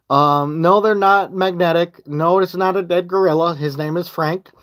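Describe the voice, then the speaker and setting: A man's voice: a little high, steady tone, normal speed, hardly any pauses, fairly bright tone. Rambling, swearing man live-streaming. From Michigan. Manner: rambling, swearing, loses his train of thought. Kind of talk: casual live-stream chat. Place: home basement. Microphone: phone.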